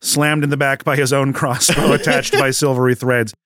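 A man running a tabletop game as game master, narrating the battle in a measured, descriptive way. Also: medium pitch, level tone, a bit bright.

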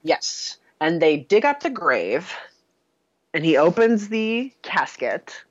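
A woman's voice: on the low side, big pitch swings, slow pace, dry recording. A woman co-hosting a casual chat, recapping a film with lots of fillers and laughter. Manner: chatty, with many fillers and laughs. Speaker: podcast co-host. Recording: dull, lo-fi sound.

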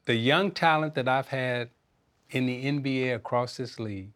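A man's voice: mid-range voice, normal speed, fairly bright tone. Reflective older man. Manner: earnest and reflective, laughs easily. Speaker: interview guest, former basketball player and coach. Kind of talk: casual interview talk.

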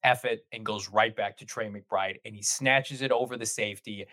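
A man in casual sports podcast chat, talking in long animated run-on stretches as a guest host. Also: on the low side, moderate pace, no echo.

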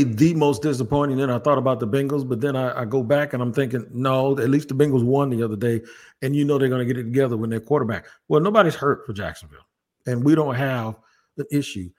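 A man hosting a casual sports podcast, talking in an animated, jokey, rambling way. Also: mid-range voice. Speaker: podcast host.

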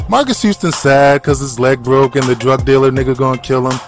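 A man's voice: medium pitch, brisk, hardly any pauses, soft background music. A man giving a casual, profane, sarcastic comedic recap of a film. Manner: profane, sarcastic, joking asides. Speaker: movie recap commentator.

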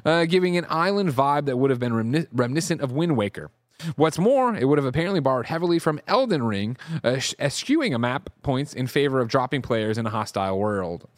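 A man's voice: medium pitch, brisk, no echo. Guy reading out game news on a podcast, voice jumps up and down a lot, dry close mic. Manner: lively delivery, reads reports aloud with asides. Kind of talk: casual news chat.

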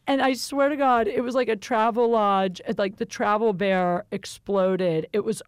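A woman's voice: medium pitch, moderate pace, hardly any pauses, clear, resonant tone, no echo, clean studio sound. A young adult woman hosting a podcast, telling a story in casual chat, candid and profane, with lots of fillers. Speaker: podcast host.

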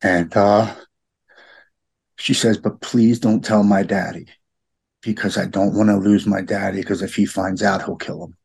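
Middle-aged guy, low gravelly voice, husky, stops and restarts a lot, heartfelt. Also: level tone, darkish tone. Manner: halting, repeats words, heartfelt. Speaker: podcast guest. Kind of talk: emotional personal conversation.

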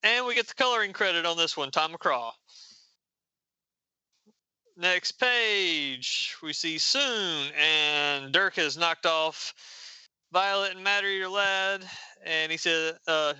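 A man's voice: on the high side, unhurried, pushed and bright, smooth, no room sound, low-quality recording. A man casually recapping a comic book issue, reading the characters' lines aloud in playful raised voices.

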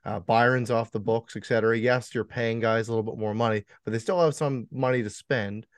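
A man's voice: mid-range voice, fairly even intonation, a little fast, clear, resonant tone, dry recording, clean studio sound. A man hosting a casual podcast chat, easygoing, asking loose questions with lots of fillers. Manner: easygoing, laughs along, filler-heavy questions. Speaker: podcast host.

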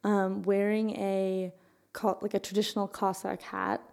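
A woman's voice: mid-range voice, completely flat delivery, unhurried, creaky, darkish tone. A woman co-hosting a podcast, explaining things in a rambling, casual way while searching for words. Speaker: podcast co-host.

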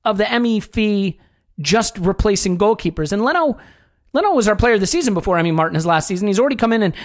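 A man's voice: sits high, lively intonation, fast talker. A man hosting a sports podcast, chatting casually in a wry, joking, rambling way. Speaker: podcast host.

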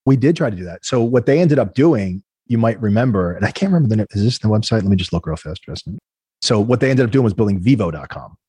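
A man, a podcast guest and entrepreneur, telling stories quickly in a casual interview and acting out the people he quotes. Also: on the low side, slightly rough, no echo. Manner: fast, animated storytelling, acting out quoted people.

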